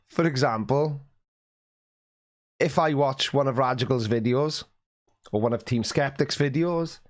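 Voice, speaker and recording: Chatty Welsh man hosting a live stream. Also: mid-range voice. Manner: chatty and teasing, often clears his throat. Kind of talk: casual live stream chat, reading out viewer comments. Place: warm room at home, at his desk.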